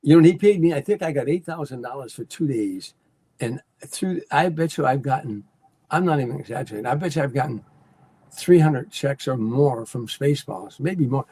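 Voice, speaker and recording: A man's voice: medium pitch, animated, moderate pace, warm tone, breathy edge. An older man, a guest comedian, telling show-business stories and acting out what people said. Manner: storyteller who acts out quoted lines. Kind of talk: casual anecdote telling.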